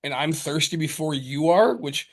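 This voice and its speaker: A man co-hosting a podcast in casual chat, rambling and profane with lots of fillers and animated storytelling. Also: on the high side, normal speed. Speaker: podcast co-host.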